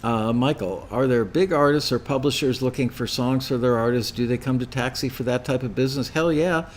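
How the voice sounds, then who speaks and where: A man's voice: mid-range voice, fairly quick, a little hiss or hum. An older man hosting a live question-and-answer show, answering chat questions with rambling, anecdotal stories. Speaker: host.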